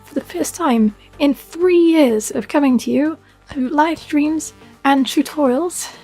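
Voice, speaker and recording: A man's voice: very high voice, takes it slowly, darkish tone, faint music behind, pitched above the performer's own voice, full character voice. A British man talking through a voice changer as a young goth woman streamer, chatty and giggly in casual live-stream chat.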